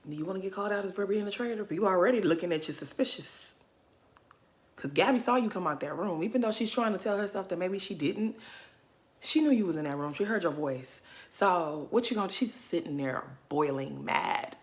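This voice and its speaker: A woman's voice: medium pitch, expressive, moderate pace, sharp tone. A woman giving a casual, emphatic recap of a reality show, laughing often as she talks. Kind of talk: casual commentary.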